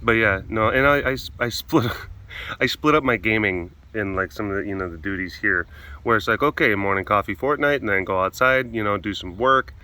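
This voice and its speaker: A man's voice: lowish voice, fairly quick, pushed and bright. A man vlogging at a big cat compound, talking in a rambling, chuckling, self-deprecating way while filming on a phone held close. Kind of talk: casual vlog chat. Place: animal compound, filming through a glass door.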